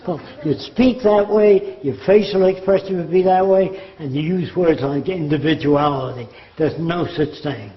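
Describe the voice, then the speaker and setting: A man's voice: fairly high pitch, reverberant, highs cut off. An older man giving an informal, argumentative lecture, now and then putting on accents for his examples. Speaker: speaker on his social project.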